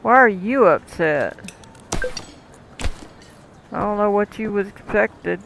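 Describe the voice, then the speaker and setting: This gameplay commentator speaks slowly in a high, creaky voice with lively intonation, chatting with the customers in a cooking game and chuckling a lot. The recording has its highs cut off and some background noise.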